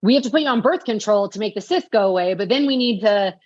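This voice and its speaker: A woman's voice: medium pitch, animated, quick pace, a little mellow, no room sound. Woman, 40s, podcast guest, candid heartfelt storytelling, slightly dull dry audio. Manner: heartfelt, lots of fillers like "like". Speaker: podcast guest, author and speaker.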